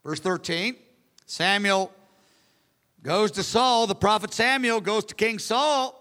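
High, bright-voiced animated preacher. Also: male voice, slow pace, long pauses. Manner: animated, acts out the characters, conversational asides. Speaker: pastor. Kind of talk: sermon. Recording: long hall reverb.

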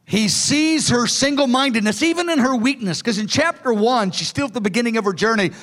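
A man preaches a sermon, his voice sitting high for a man. He speaks earnestly and pleads with his listeners, now and then acting out quoted words with a lift in pitch. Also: animated, a little fast, fairly bright tone. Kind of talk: sermon teaching from notes.

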